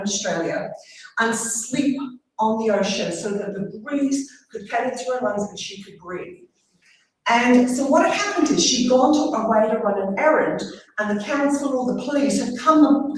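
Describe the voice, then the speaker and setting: A woman therapist giving a motivational stage talk, telling a story to an audience. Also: fairly high pitch. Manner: warm storytelling, engages the audience. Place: large conference hall. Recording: echoey hall, heard from a distance.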